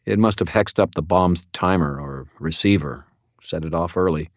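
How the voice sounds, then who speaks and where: Brief: sardonic, joking wizard guy for an audiobook, somewhat raised from a deep base, read by a male narrator. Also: normal speed, dry recording, studio quality, lightly acted. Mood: wry. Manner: sardonic, joking, a little whiny. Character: wry battered male wizard, wisecracking. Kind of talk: audiobook character voice.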